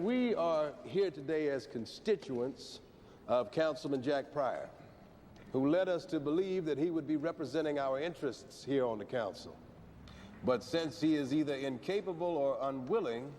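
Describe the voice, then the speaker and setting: An actor playing a dignified Baptist reverend who speaks formally to a council meeting. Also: male voice, a little high, a little mellow, long reverb tail, a little hiss or hum. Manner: formal, measured address.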